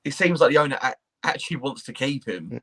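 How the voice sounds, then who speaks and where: A man's voice: medium pitch, lively intonation, quick pace, fairly bright tone. A man, co-hosting a casual football chat, blunt and sweary as he rants. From England. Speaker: podcast co-host.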